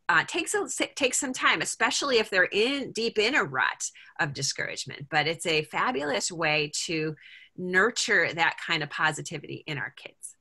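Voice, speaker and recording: A woman's voice: deep voice, pushed and bright. A middle-aged woman leading a parent group over a video call, talking casually and thinking aloud with lots of fillers and restarts.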